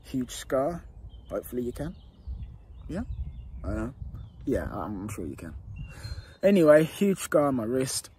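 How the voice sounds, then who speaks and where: A man working as a dating coach, telling his own story to camera in a candid, earnest way. He repeats phrases for emphasis and sometimes drops to a hushed tone. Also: medium pitch, sing-song, unhurried, pauses often, slight background noise.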